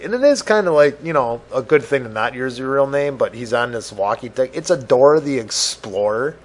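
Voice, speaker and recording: A man's voice: mid-range voice, lively intonation, fairly quick, hardly any pauses. A man hosting his own podcast alone. He rambles loosely and swears a lot, jokes at his own expense, and says he is in a grumpy mood. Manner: loose, profane, self-mocking, jumps between topics. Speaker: podcast host. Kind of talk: rambling solo podcast monologue.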